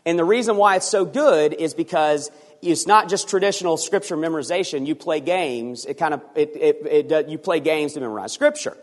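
A man delivers a sermon from the pulpit, animated and lively, now and then acting out voices to make his point. His voice sits a little high for a man, and a long reverb trails behind it. It sounds like a church sanctuary. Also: a little fast. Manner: animated, acts out voices for emphasis. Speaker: pastor.

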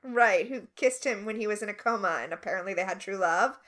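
A woman co-hosting a casual recap chat, animated and sarcastic with quick asides. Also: mid-range voice. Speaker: podcast co-host.

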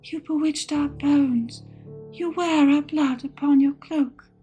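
A woman's voice: high voice, fairly even intonation, slow pace, warm tone, voice pushed up. A woman voicing the ghost of a murdered little boy, speaking in a small, lonely voice with music behind.

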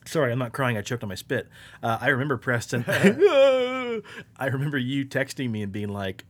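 A man's voice: medium pitch, fast talker, a bit bright, slightly rough. A man co-hosting a podcast in a loose, rambling, profane way, upbeat and chatty. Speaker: podcast co-host. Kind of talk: casual podcast chat.

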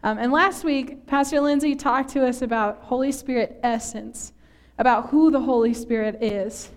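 A woman's voice: high voice, moderate pace. Chatty, self-mocking woman preacher. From northern Minnesota. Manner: chatty, self-deprecating, laughs often. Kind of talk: sermon. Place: church.

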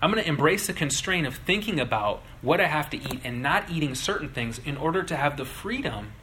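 A younger man preaching a sermon as pastor, animated and acting out little voices in his illustrations. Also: a little high, a little fast, slight background noise, poor audio.

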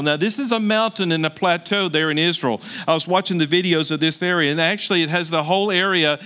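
A man, a pastor, preaching a sermon as lively storytelling with exclamations and asides. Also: on the high side, a little fast, few pauses. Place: indoors.

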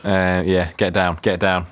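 Laughing low-voiced podcast host. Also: male voice, a bit bright, slight background noise. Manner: laughs often, jokey. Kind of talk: casual podcast chat.

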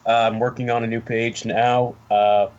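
A man talking casually as a podcast guest, rambling and halting with many fillers. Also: medium pitch, flat delivery, darkish tone, muffled recording. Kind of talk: casual chat.

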